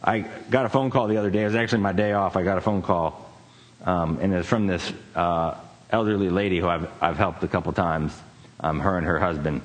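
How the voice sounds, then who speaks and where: A man preaching, telling a personal story in a casual, conversational way with fillers and quick laughs. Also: low voice, fairly even intonation, big-room sound. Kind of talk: sermon story.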